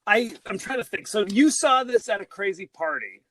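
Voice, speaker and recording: A man co-hosting a podcast in casual chat, excitable, laughing often and breaking into exclamations. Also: sits high, normal speed. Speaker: podcast co-host.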